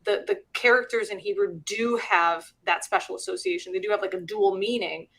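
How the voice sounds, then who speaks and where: A middle-aged woman talks in a relaxed, chatty way as the host of a live stream. Her voice sits at a middle pitch, and she breaks into small laughs as she walks through her explanations. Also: brisk. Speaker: host and teacher. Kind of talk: casual live-stream chat.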